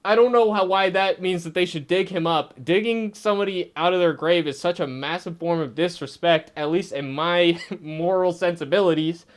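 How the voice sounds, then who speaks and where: A man's voice: high-pitched, normal speed, few pauses. A man reviewing a TV episode in a casual vlog, sarcastic and profane, laughing as he rants. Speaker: TV show reviewer.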